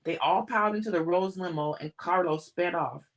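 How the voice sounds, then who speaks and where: Low-voiced woman reading a novel aloud. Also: moderate pace. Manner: plain reading with occasional restarts of words. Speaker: audiobook reader.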